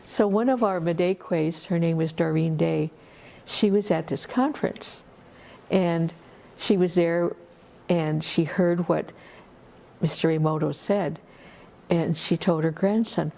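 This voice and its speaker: Lady telling a story at a water festival, warm mellow voice, chatty and slow-going. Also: on the low side, gravelly. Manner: unhurried, conversational, full of asides. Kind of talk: oral storytelling.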